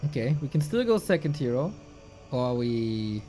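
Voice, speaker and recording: An esports caster giving live commentary on a strategy game match, excitable and joking, thinking out loud between plays. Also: mid-range voice, moderate pace, soft background music.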